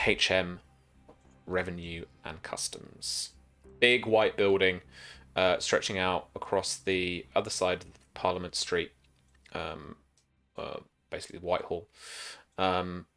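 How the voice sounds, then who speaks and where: A man's voice: deep voice, pushed and bright. A British man narrating as game master, rambling with many restarts and fillers.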